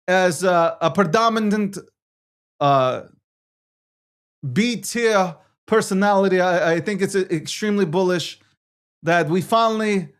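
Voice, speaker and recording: A high-voiced man riffs through a casual crypto market livestream as its weekly co-host. He brags and jokes as he goes, halting and repeating his phrases while he reads through the numbers.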